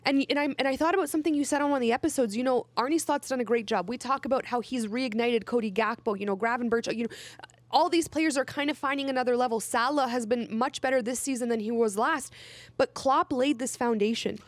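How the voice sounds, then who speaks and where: Young woman, higher voice, dry close sound; chatty podcast host who gets emotional and laughs. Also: fast, no echo. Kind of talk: casual chat.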